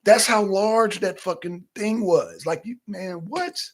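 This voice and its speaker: Male co-host, high husky voice, animated and profane casual commentary. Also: a little slow. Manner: animated, profane, chatting directly to viewers. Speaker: political talk show co-host.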